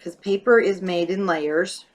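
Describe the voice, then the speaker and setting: A craft tutorial host with a fairly low voice walks through a paper craft project step by step, a little slowly and in a steady tone. She's chatty, thinks aloud as she works, and has the hiccups. There's slight background noise.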